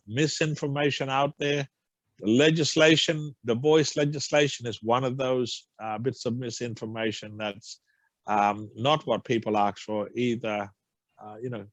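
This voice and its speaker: A man's voice: mid-range voice, fairly even intonation, normal speed, dry recording. Male forum guest, earnest and emphatic, dry close sound. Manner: earnest, repeats phrases for emphasis. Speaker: guest speaker. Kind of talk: forum talk. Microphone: video call.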